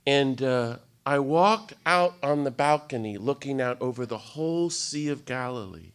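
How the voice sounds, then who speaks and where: A man in his fifties giving a storytelling talk to an audience at a retreat day, animated and self-mocking with humor. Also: mid-range voice, unhurried, clean tone. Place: meeting room with live audience.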